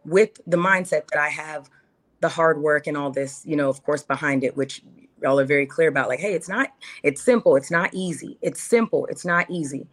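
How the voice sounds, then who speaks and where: A woman in her thirties, a podcast guest talking earnestly and with feeling, acting out quotes in her own words. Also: low voice. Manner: earnest and animated, acts out quotes. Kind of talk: casual interview chat.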